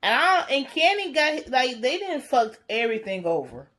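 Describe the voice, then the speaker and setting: A woman's voice: high voice, moderate pace. Profane, blunt woman recapping a show. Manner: profane, blunt, animated storytelling. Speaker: TV reaction reviewer. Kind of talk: casual recap and commentary.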